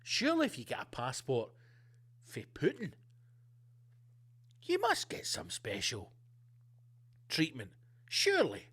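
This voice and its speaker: A man hosting a comedy podcast, ranting loudly and profanely with lots of animation. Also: a little high, huge pitch swings, slow, pauses often, slightly rough. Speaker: podcast host. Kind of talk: comedic rant.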